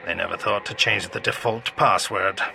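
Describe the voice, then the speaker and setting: A man's voice: lowish voice, steady tone, normal speed, vocal fry, noisy background. A man playing a bold, witty and sardonic eccentric time traveller in an audio story.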